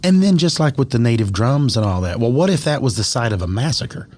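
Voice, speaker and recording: Here a podcast co-host recounts a strange story in relaxed chat, animatedly acting out what people said. His mid-range voice has a darkish tone, lively intonation, and a brisk pace.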